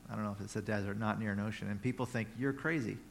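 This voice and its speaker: A man's voice: on the low side, level tone, very fast, gravelly, a little hiss or hum. Conversational male preacher telling a Bible story. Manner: conversational, playful storytelling with asides. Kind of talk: sermon.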